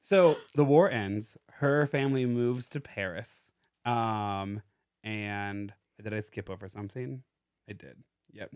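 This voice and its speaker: A man's voice: on the low side, slow pace, a little mellow, clean tone, dry recording, clean studio sound. A young American man casually telling a true-crime story as a podcast co-host, full of "like" fillers. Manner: chatty, lots of "like" fillers and laughter.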